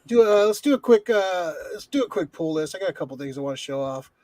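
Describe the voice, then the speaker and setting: On a casual podcast he co-hosts, a man rambles, swears a lot and keeps restarting his sentences. His high voice is animated, fast and dark in tone, and the recording is dry.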